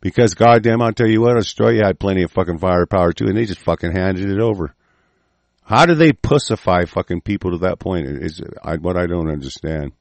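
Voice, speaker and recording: A man's voice: low-pitched, brisk, no room sound. A man hosting a talk show, ranting angrily with constant swearing and rambling restarts. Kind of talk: profane political rant.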